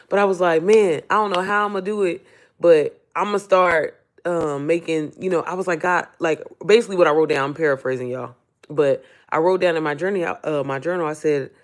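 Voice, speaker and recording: A woman talks straight to her viewers in a loose live-stream Q&A, her voice hoarse and worn. She rambles, circles back, and speaks from the heart, often near tears. She keeps calling the audience y'all and sis. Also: low-pitched. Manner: emotional, close to tears. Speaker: online business coach.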